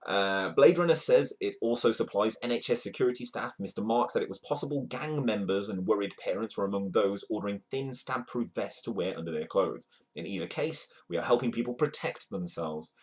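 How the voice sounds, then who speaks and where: A man's voice: fairly low pitch, animated, fairly quick, hardly any pauses, breathy edge. A man hosting a livestream, reading news headlines aloud in a casual, playful way and greeting chat viewers between stories. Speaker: livestream host. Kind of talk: casual news read-through with jokey asides.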